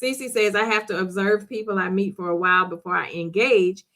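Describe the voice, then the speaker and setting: A woman's voice: mid-range voice, steady tone, a little fast, fairly bright tone. A middle-aged woman hosting a live chat, reading viewer comments aloud and answering them in a chatty way with frequent laughter. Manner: chatty, laughs often, talks back to commenters. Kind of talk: casual chat.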